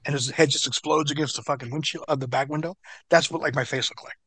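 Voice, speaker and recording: A middle-aged American man, a former wrestler, telling an animated, profane story as an interview guest. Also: on the high side, fast talker, slightly rough, dry recording.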